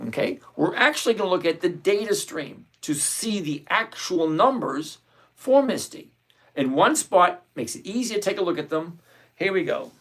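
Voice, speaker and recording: A man with a high, expressive, slightly bright voice speaks at a moderate pace. Hosting a live stock-trading stream, he offers casual commentary, lecturing viewers in an exasperated, emphatic way.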